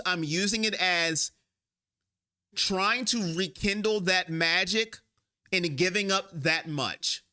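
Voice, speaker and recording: A man's voice: a little high, pushed and bright. A man hosting a sports fan live stream, emotional and rambling as he vents and talks straight to viewers on his own microphone.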